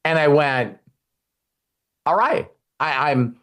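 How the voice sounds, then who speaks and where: A man coaching a client on faith, talking in a lively, repetitive way and laughing often. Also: on the high side, a little slow. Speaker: life coach. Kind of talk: spiritual coaching call.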